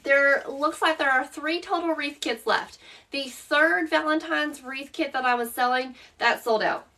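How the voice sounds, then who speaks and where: A woman's voice: high voice, a little slow, bright, forceful tone, recorded from a distance. A woman with a Southern accent, hosting a live-stream craft tutorial, chatting through the steps and answering viewers by name as she works.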